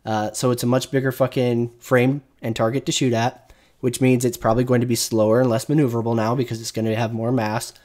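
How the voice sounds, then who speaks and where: A man's voice: medium pitch, level tone, brisk, darkish tone. Profane, ranting male streamer. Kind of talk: casual gaming commentary.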